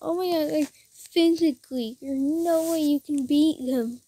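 A young gamer giving rambling let's-play commentary who often restarts sentences and breaks into excited bursts. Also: high voice, a little slow, a little hiss or hum. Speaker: gamer narrating his own play.

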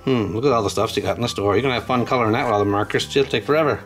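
A man's voice: lowish voice, very fast, music in the background. A man casually unboxing toys and reading a children's storybook aloud, chatting to young viewers as he goes. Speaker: channel host.

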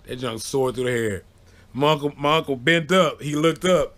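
A man's voice: mid-range voice, normal speed, a bit bright. Laid-back man rambling through a story. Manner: laid-back, rambling, peppered with "you know what I'm saying", bursts of laughter. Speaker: vlogger. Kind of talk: casual storytelling.

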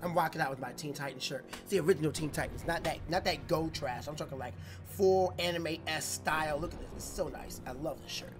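A man hosting a let's play, chatting casually about the game, reacting loudly and reading its text aloud. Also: fairly high pitch, fast, few pauses, music in the background. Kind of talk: casual gameplay commentary.

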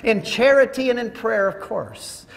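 An older man tells a lively story to an audience, his voice pitched high and bright for a man. The sound rings through a large, echoey hall with a long reverb tail. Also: measured pace, vocal fry, slight background noise. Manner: animated storyteller acting out dialogue. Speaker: speaker. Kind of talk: storytelling talk to a live audience.

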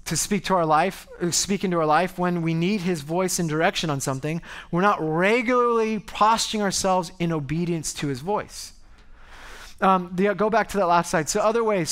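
A male pastor preaching a sermon to a congregation at a church service, in a conversational, animated way, often breaking off and restarting. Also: high-pitched. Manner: conversational, animated, self-interrupting.

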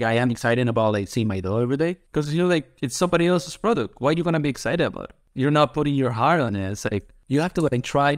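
A man's voice: mid-range voice, no echo, studio quality. A man who is a pizza chef, answering interview questions in an eager, rambling way with phrasing.

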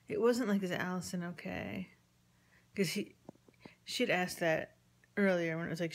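A woman with a slightly low voice recounts a personal family story in a loose, rambling way. She acts out each side of the conversations she quotes and fills her pauses with ums. At times her voice sinks to a hushed, half-whispered murmur. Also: creaky. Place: at home with chickens nearby.

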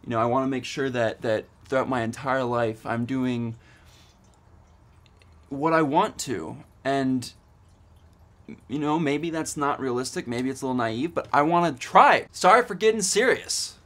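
A man's voice: medium pitch, moderate pace, a bit bright. A man in his twenties vlogging casually, rambling eagerly with lots of fillers and restarts. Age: 20s. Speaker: student vlogger. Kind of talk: casual vlog.

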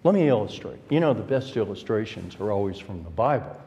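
Leading an adult Sunday school class, this man stresses key words with sharp rises and questions the class directly. He speaks animated and a little fast in a fairly low, mellow, slightly rough voice; the highs are cut off and the church hall echoes with long reverb.

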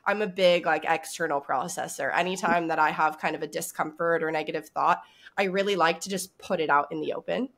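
A woman with a low-pitched voice talks a little fast as she hosts a casual podcast interview. Her manner is warm, reflective, and encouraging.

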